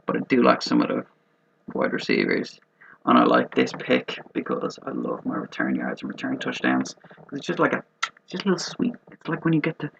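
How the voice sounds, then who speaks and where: Gravelly, profane man joking through picks. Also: medium pitch, wildly swooping pitch, a little fast, a bit bright, a little hiss or hum. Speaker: host of a fantasy football mock draft video. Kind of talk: casual predictive commentary. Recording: dull lo-fi recording.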